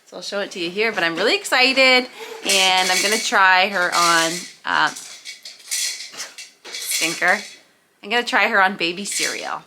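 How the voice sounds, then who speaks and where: A woman's voice: medium pitch, moderate pace, pauses often, background noise. A young woman from Canada talking in a chatty, casual home vlog, using lots of fillers. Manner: chatty, filler-heavy talk. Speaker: vlogger.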